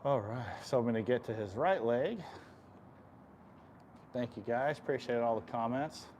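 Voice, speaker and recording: A man working as an equine chiropractor, explaining stretches on a live stream while softly soothing the horse and often clearing his throat. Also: medium pitch, normal speed, a little hiss or hum. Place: horse stall in a stable.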